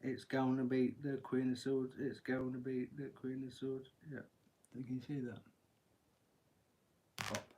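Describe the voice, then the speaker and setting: A man's voice: medium pitch, completely flat delivery, a little slow, pauses often, warm tone, a little hiss or hum. A man giving a live-stream tarot reading, chatty and joking, laughing often and swearing casually, talking into a phone. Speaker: tarot reader.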